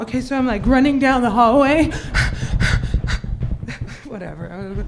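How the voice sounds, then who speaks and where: A young woman doing a stand-up comedy set, rambling in a ditzy, valley-girl way and acting out her friends in quick quotes. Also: fairly high pitch, expressive, gravelly, crowd noise, noisy background.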